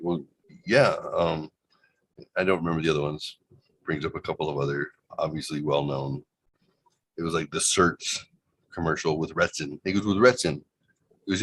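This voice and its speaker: A man's voice: deep voice, husky. A man co-hosting a casual podcast, joking around and telling a long rambling story full of restarts. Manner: rambling, joking, fake ad taglines. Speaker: podcast co-host.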